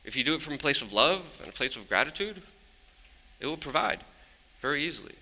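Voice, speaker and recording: A man telling stories on a stage, his voice very bright and cutting. He speaks bluntly and with energy, swears without hesitation, and sounds like a journalist holding the crowd's attention. The long reverb of a large hall follows his words. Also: medium pitch, fast. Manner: lively, blunt, swears casually. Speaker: journalist giving a conference talk. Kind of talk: energetic storytelling speech.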